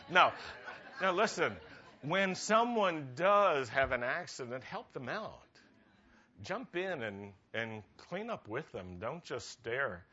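Rabbi giving a jokey sermon; bright, forceful man's voice, lively and chatty. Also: medium pitch, takes it slowly, husky, dull audio. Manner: chatty, laughs at his own jokes. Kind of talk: humorous sermon.

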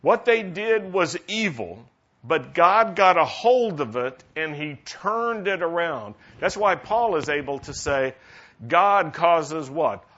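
A man's voice: a little high, lively intonation, slow, a bit bright. A male pastor preaching a sermon and asking the congregation questions to draw them in. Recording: dull lo-fi sermon recording.

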